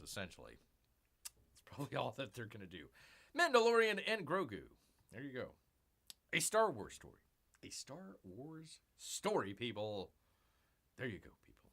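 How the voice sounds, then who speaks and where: A man's voice: mid-range voice, sharp tone. A man hosting a casual pop-culture news livestream, rambling with lots of fillers and throwing in sarcastic asides. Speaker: host.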